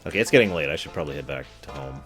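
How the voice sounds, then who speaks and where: A man's voice: a bass voice, expressive, very fast, a bit bright, faint music behind. A man streaming a game, giving casual commentary with dry, wry asides. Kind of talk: casual let's-play commentary.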